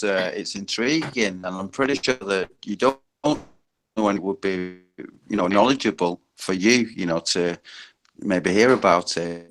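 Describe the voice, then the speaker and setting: A man's voice: lowish voice, a bit bright. A man with a northern English accent, bantering and teasing on a video call from his bath. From northern England. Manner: teasing, laughs easily. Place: in a bath at home.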